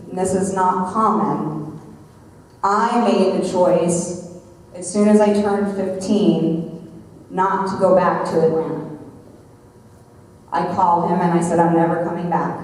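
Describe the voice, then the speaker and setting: A woman in her thirties, a guest speaker giving an earnest, measured personal testimony. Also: on the low side, a little mellow. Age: 30s. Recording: echoey hall, mic far off.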